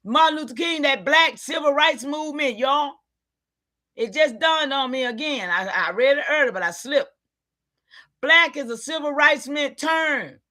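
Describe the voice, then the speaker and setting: A woman giving an impassioned, preachy livestream talk, calling out to her listeners and sometimes shouting in frustration. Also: high-pitched, animated, normal speed. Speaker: online community leader.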